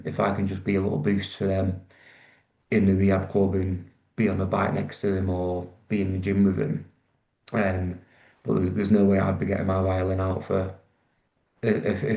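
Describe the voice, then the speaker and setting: A man, a rugby player relaxed and self-deprecating as he tells stories in an interview, with many ums and restarts. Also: low-pitched. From Manchester, England. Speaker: rugby league player guest. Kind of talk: casual interview storytelling. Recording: echoey, dull room sound.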